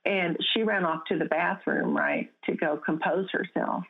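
A woman's voice: fairly low pitch, huge pitch swings, moderate pace. Earnest woman, tinny phone line. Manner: earnest storytelling with frequent restarts. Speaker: guest. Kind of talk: testimony in an interview.

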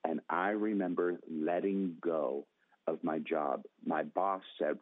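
A man's voice: steady tone, measured pace, no room sound. A man from Northern California telling a personal faith testimony to an interviewer. He acts out the people in his story, raising his voice for their lines. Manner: dramatic, acts out quotes with raised pitch. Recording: tinny phone-like dry sound.

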